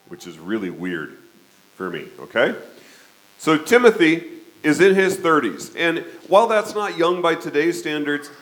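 A man in his fifties preaching a conversational sermon, often checking in with his listeners with a quick "okay?". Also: a little high, fairly bright tone, poor audio. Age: 50s. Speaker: pastor.

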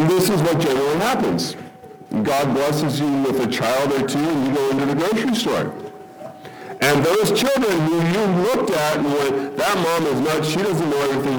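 A middle-aged man preaching a sermon to his congregation in a relaxed, conversational way, often checking in with "okay?" and repeating words as he restarts. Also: fairly high pitch. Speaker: pastor. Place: church hall with congregation. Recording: roomy echo with music behind.

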